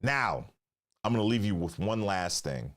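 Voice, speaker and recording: Animated low-voiced man hosting. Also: moderate pace, slight background noise. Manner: excitable, profane, keeps asking viewers to remember. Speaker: channel host reacting to clips. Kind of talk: casual video commentary.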